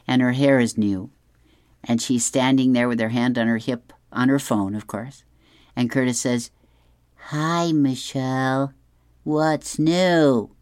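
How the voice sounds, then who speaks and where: A reader works through the comics in an unhurried, even voice, chuckling now and then. The recording is dry and close. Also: medium pitch, dry recording. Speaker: reader of advice column and comics. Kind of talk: reading comics aloud.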